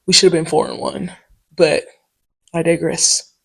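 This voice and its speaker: A woman hosts her own podcast in a relaxed solo monologue. She tells stories in a loose, slangy and profane way. Her delivery is animated, with quick asides and filler words such as "um" and "okay?". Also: fairly low pitch, breathy edge. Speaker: podcast host. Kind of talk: casual solo podcast storytelling.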